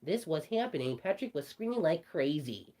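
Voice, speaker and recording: Cartoon rabbit storyteller, voiced by a performer; rambling, restarts often, lively mellow delivery. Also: mid-range voice, moderate pace, natural voice. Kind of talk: storytelling in character.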